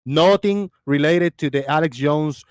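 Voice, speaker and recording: A man's voice: a little high, unhurried, clean tone, no room sound. A man hosting a casual live stream call, giving blunt, emphatic warnings to the chat. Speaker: host.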